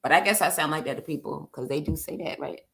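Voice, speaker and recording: A woman's voice: low-pitched, fast talker, creaky, fairly bright tone. Blunt, profane woman from New York. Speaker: panelist. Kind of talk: casual panel chat.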